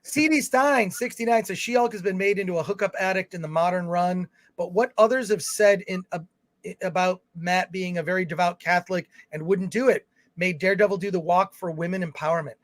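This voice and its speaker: A man's voice: sits high, brisk, dry recording. A man co-hosting a film review livestream, reading viewer comments aloud in casual chat with fillers and restarts. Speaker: film review show co-host.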